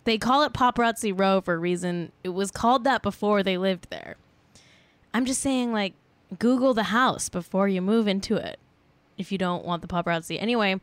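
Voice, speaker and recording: A woman's voice: mid-range voice, fairly quick, clean tone, no room sound. A woman co-hosting a casual podcast, chatting about celebrity gossip in a rambling way with plenty of filler words. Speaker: podcast co-host.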